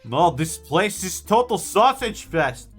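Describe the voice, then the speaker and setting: A man's voice: high voice, very animated, slow pace, soft background music, voice pushed up, full character voice. A man doing a put-on voice of a boastful metal guitarist with an odd accent, crude and brash.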